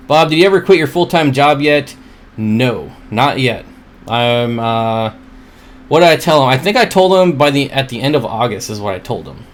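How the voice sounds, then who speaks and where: A man's voice: medium pitch, lively intonation, moderate pace, soft background music. A man hosting a casual livestream from home. He rambles, reads viewer comments aloud, answers them, and laughs at his own jokes. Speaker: livestream host.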